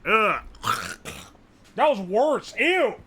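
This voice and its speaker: Bright, lively young streamer guy. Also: sits high, drawn-out words, a little hiss or hum. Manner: loud, joking, swears often, laughs a lot. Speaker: livestreamer. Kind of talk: casual live-stream banter.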